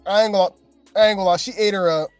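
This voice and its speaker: A woman's voice: medium pitch, steady tone, very fast, soft background music. A woman hosting casual gossip commentary, chatty and slangy, talking straight to her viewers.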